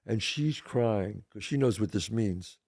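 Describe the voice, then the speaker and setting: Older man, gravelly voice, lively pitch, storytelling, acts out quotes, casual talk show co-host. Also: measured pace.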